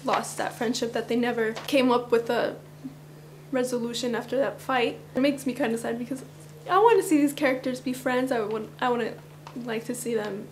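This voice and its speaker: A woman's voice: on the high side, normal speed, a little hiss or hum. Chatty woman with a groggy morning voice. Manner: chatty, rambling, with little laughs. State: groggy morning voice, slightly cracking. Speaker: vlogger. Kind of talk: casual fan countdown chat.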